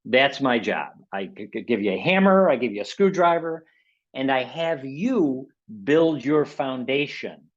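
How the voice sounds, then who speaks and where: This motivational webinar host is a man with a medium-pitched, animated voice who takes his time. He talks conversationally, keeps checking in with "right?" and "okay?", and plays out inner voices at a higher pitch, while the recording has its highs cut off.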